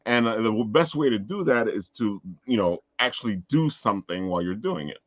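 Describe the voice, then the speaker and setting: A man hosting a casual group chat, animated and laughing often. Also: lowish voice, a little fast, no echo, dull audio. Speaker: podcast host.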